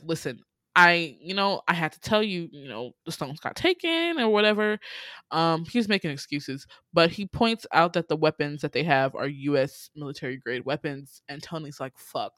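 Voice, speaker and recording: A young adult podcaster recapping a film in a casual, profane ramble, full of fillers, asides and quick laughs while quoting the characters. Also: medium pitch, fairly bright tone, dry recording. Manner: swears freely, laughs often, quotes characters.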